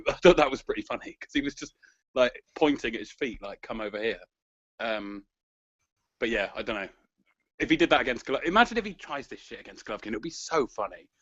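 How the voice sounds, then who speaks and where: A man's voice: medium pitch, expressive, fast talker, a bit bright, breathy edge, no room sound. A man co-hosting a boxing podcast, chatting in a rambling, casual way. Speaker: podcast co-host. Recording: dry lo-fi podcast audio.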